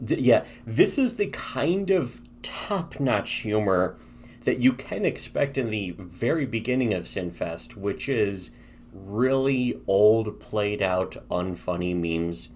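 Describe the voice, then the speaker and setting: A man with a slightly low voice co-hosts a casual podcast. He rambles and swears freely, with a dry, sarcastic edge. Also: expressive, slow, a little mellow, slight background noise. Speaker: podcast co-host reviewing webcomics. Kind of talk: casual profane podcast chat.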